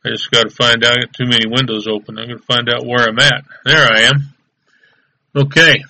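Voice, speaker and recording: A man's voice: medium pitch, steady tone, fairly quick, creaky, bright, forceful tone, rough recording. A man hosting a live internet radio show, chatting casually and rambling easygoingly with fillers.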